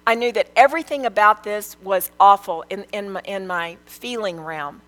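A woman's voice: medium pitch, moderate pace, a bit bright, poor audio. An older woman, a grandmother, giving an earnest, emphatic testimony, repeating phrases for weight. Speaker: speaker sharing a testimony. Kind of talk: testimony sermon.

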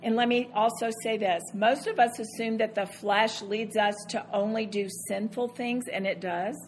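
A woman's voice: a little high, fairly even intonation, moderate pace, slight background noise. Earnest woman teaching a sermon. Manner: earnest, acts out her own inner voice. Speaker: Bible teacher. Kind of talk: conversational sermon.

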